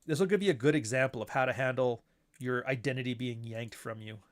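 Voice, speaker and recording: A man's voice: medium pitch, a little fast. A man hosting his own show in a casual monologue, blunt and profane, who now and then mocks others in put-on voices. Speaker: show host.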